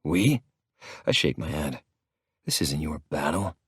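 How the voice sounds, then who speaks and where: Deep gruff guy reading an audiobook in first person, swears a lot, dry close mic. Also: lively intonation, measured pace, no room sound. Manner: gruff and profane. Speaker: audiobook narrator.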